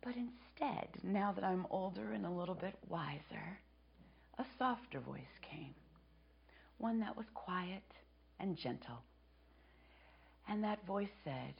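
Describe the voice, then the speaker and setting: A woman in her fifties giving a sermon as a guest preacher in a church, speaking softly and reflectively and dropping to a whisper on key phrases. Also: on the low side, slow, creaky, pauses often, a little hiss or hum. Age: 50s. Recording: dull lo-fi sermon recording.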